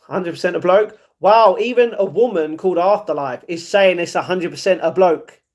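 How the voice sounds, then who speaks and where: A man's voice: high voice, moderate pace. A man chatting casually on a livestream and giving viewers blunt, repetitive advice. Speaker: streamer. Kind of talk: casual livestream chat, reading viewer comments.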